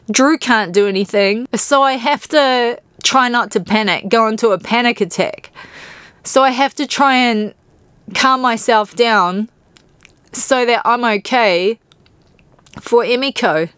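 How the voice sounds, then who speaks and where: A woman's voice: on the high side, measured pace, fairly bright tone, clean tone, no echo. A woman from New Zealand with a New Zealand accent, hosting a podcast and candidly, emotionally retelling personal stories. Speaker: podcast host.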